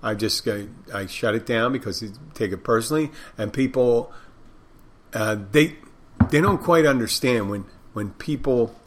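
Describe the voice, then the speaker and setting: A man's voice: mid-range voice, fairly bright tone. Rambling older male bartender telling stories. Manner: rambling, frank, with restarts and profanity. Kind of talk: casual storytelling monologue.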